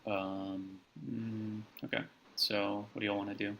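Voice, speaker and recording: A man's voice: lowish voice, level tone, a little slow, background noise. A man playing a tabletop game casually, asking the game master many questions. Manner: curious, asks many questions. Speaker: player.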